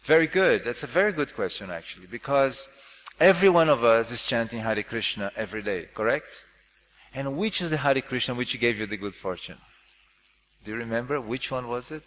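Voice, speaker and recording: A man giving a scripture class, explaining with lively, jokey questions to his audience. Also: medium pitch, a little fast. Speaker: class speaker. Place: temple hall. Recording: echoey hall with faint noise.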